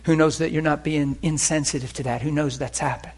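A man preaching and telling healing stories, swinging between hushed and loud. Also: on the high side, fairly even intonation, fairly quick, breathy edge. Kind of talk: sermon with healing testimony.

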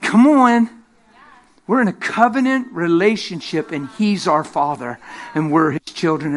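Animated preacher man telling stories. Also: high voice, a little slow. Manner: animated, laughing, acts out voices in stories. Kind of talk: sermon with storytelling. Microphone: handheld microphone.

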